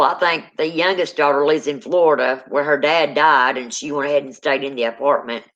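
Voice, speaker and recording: A woman with a deep Southern US accent chatting casually and folksily on a livestream, calling people honey. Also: muffled recording. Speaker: co-host.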